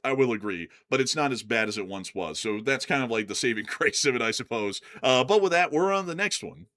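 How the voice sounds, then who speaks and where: A man's voice: mid-range voice, lively intonation, brisk, a bit bright. A man co-hosting a live stream, answering viewer questions in a casual, conversational way with frequent fillers and restarts. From United States.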